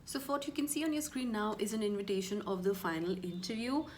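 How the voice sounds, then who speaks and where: Woman coaching, clear deliberate delivery. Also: medium pitch, lively intonation, darkish tone, a little hiss or hum. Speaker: cabin crew coach. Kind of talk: instructional video talk.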